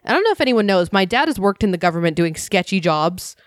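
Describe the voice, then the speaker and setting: Animated young woman telling a story. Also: medium pitch, fast talker, no room sound, clean studio sound. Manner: animated storyteller, heavy "like" filler, swears freely. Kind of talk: casual storytelling chat.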